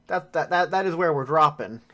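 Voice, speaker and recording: A man runs a tabletop game, narrating off the cuff. His voice sits a touch high, and his speech is loose and full of fillers. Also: lively intonation, sharp tone. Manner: casual and filler-heavy, lots of "uh" and "like", quick to laugh. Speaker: game master.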